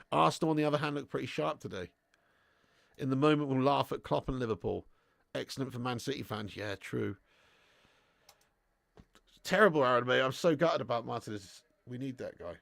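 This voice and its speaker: A young man with a gravelly, creaky voice hosts a live football watch-along, chatting casually and answering viewers. He laughs often and swears freely. The sound is dry and close, with no room echo. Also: mid-range voice. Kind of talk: live casual chat and match commentary.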